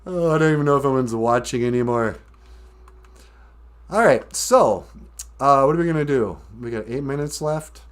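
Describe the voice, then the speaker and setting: A man's voice: mid-range voice, moderate pace, long pauses. A man hosting a casual livestream, rambling and self-deprecating as he chats to viewers. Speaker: livestream host.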